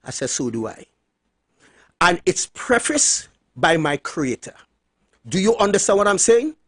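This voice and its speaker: Radio host, male, high voice, dry close studio sound, animated storyteller who leans on repeated words. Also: unhurried, husky, no room sound. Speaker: radio talk show host. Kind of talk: radio monologue retelling a phone call.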